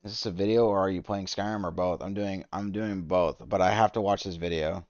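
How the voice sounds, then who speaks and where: A man's voice: deep voice, steady tone, a little fast, a little mellow, no room sound. A man streaming while playing a game, ranting in an exasperated, rambling way, with lots of restarts, as casual live reaction commentary, on a slightly dull lo-fi mic.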